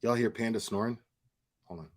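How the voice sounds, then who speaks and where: A man doing casual live commentary, telling profane, animated anecdotes and laughing often. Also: on the low side, fairly quick. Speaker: commentary streamer.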